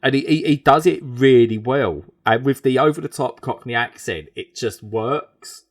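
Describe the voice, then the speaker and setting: A man's voice: medium pitch, normal speed. A man, co-hosting a podcast in casual, enthusiastic chat with many restarts. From England. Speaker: podcast co-host.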